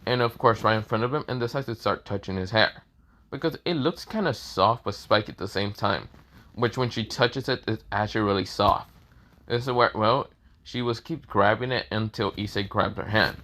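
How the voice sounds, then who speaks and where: A man's voice: lowish voice, moderate pace, fairly bright tone. A man casually narrating a comic-based story, rambling and often restarting with the same stock phrases. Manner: rambling, repeats "this is where, well".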